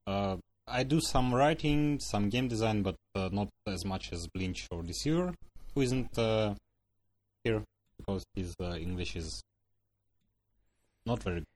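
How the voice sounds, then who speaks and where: A man's voice: on the low side, lively intonation, darkish tone. Hesitant male guest developer, English. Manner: halting non-native English, giggly.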